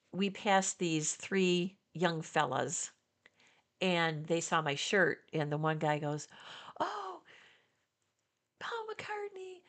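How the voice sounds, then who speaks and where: A woman in her sixties from the Detroit area, chatting casually to her viewers as a vlogger, rambling with fillers and little laughs. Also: on the low side. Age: 60s. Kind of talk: casual chat to camera.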